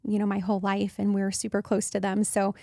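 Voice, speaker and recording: A woman in her thirties hosting a podcast, telling a personal story in a casual, animated way and acting out the voices of people she quotes. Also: fast, vocal fry, no room sound, studio quality. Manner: animated, acts out quoted voices with jumps in pitch. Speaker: podcast host.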